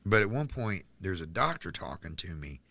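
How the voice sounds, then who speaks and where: A man's voice: deep voice, sing-song, moderate pace, gravelly, bright, forceful tone. A man from North Carolina, a podcast guest telling his life story in a candid, rambling way full of "like". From Charlotte, North Carolina, US. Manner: rambling and candid, heavy use of "like". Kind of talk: personal storytelling in a casual interview.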